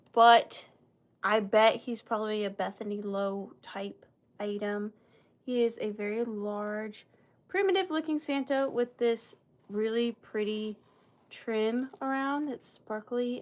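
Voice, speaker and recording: A woman with a Southern US accent hosting a live vintage sale, chatty and bubbly, thanking viewers by name. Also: on the high side. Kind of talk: casual live-stream selling. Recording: faint room noise.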